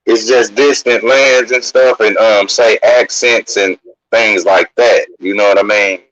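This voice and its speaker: A man in casual chat, telling stories in a slangy, profane, animated way. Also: lowish voice, a little slow, no room sound. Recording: dull lo-fi sound.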